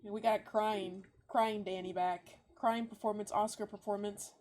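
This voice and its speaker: A woman's voice: medium pitch, fairly even intonation, measured pace, a little mellow. A woman game master casually narrating a tabletop role-playing game on a stream, with lots of fillers. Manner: casual, full of fillers, encouraging.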